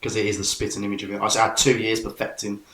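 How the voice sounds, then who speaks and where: A man's voice: fairly low pitch, completely flat delivery, quick pace, a bit bright. A British man co-hosting a podcast, chatting casually with teasing, opinionated banter. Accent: British English. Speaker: podcast co-host. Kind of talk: casual chat. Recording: echoey room.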